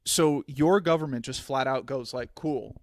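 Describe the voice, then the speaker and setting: A man co-hosts a podcast, spinning rambling, casual stories packed with filler words, especially "like." His voice is mid-range at a normal speed, recorded dry with a clean studio sound.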